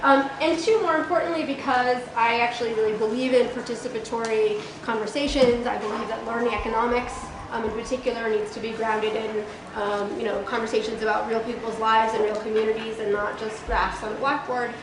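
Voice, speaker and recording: A woman giving a college guest lecture, hoarse from losing her voice, chatty with frequent ums. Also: on the high side, steady tone, a little fast. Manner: participatory, conversational, frequent ums. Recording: echoey room with background noise.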